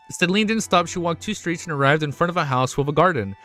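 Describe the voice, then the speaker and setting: A man streaming live, reading a novel aloud and breaking off into excited, swearing reactions. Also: on the high side, fast talker, few pauses, faint music behind. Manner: excitable, swears often, sudden loud outbursts.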